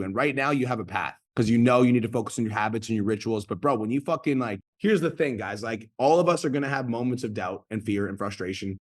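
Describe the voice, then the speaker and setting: A fired-up man in his thirties runs a group coaching call and swears freely as he drives each point home. His voice sits a little low, and it comes through a video call mic. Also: quick pace. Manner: blunt, profane, pumped-up. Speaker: online business coach hosting a group call. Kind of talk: motivational coaching talk.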